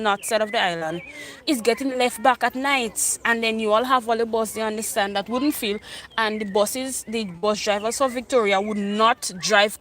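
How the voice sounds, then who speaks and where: A woman with a Grenadian accent telling an animated storytime tale for her vlog, repeating herself in island dialect. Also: on the high side, a little hiss or hum. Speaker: vlogger.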